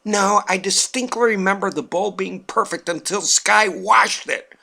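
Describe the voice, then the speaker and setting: A man voicing his smug, gleeful wife, calm and nonchalant with a snarky edge. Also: high voice, measured pace, creaky, voice pushed up, full character voice. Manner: nonchalant, matter-of-fact.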